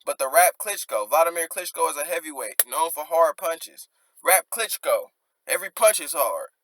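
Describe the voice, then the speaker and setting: A man's voice: on the high side, expressive, moderate pace, fairly bright tone, slight background noise. A man casually breaking down rap lyrics, rereading lines and unpacking them in loose slang. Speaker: rap commentator.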